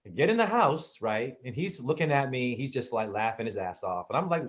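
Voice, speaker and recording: A man's voice: mid-range voice, big pitch swings, fairly quick, few pauses. A man telling funny childhood stories on a podcast, acting out the voices of the people in them. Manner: theatrical, acts out voices in his stories. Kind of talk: animated comic storytelling.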